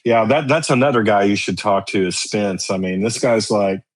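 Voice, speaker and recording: Guy on a podcast, kinda low voice, rambly storyteller, uh uh uh. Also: moderate pace. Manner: rambling storyteller, lots of fillers. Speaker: guest, sausage maker and teacher. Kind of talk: casual podcast interview.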